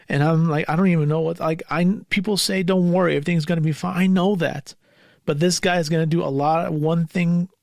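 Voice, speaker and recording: A man's voice: fairly high pitch, gravelly, no room sound, studio quality. A man hosting his own podcast, talking alone in an anxious, bitter way and swearing often. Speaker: podcast host. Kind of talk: solo podcast monologue.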